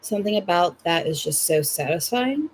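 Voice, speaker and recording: A woman's voice: fairly low pitch, expressive, moderate pace, a little hiss or hum. Chatty Southern woman crocheting live. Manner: chatty and playful, addresses viewers directly. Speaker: livestream host. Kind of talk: casual chat while crocheting.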